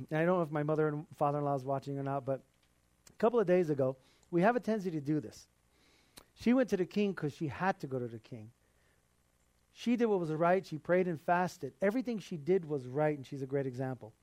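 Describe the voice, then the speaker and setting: A man preaching an earnest sermon in a conversational voice that sits a little high. He laughs now and then. The sound is dry and close, with no room echo. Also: lively intonation, a little fast, a little mellow.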